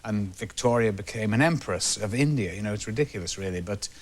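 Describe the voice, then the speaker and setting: A man, a talk show guest telling lively anecdotes and trailing off between phrases. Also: on the low side, brisk. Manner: animated, trails off, acts out the people he quotes. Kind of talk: anecdotal storytelling.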